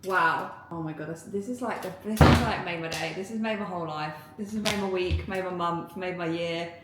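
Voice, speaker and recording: A woman vlogging casually at home, excitable and giggly, rambling with lots of fillers. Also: on the low side, fairly quick, heavy background noise. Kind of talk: casual vlog chat to camera. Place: indoors at home, getting ready. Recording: echoey room.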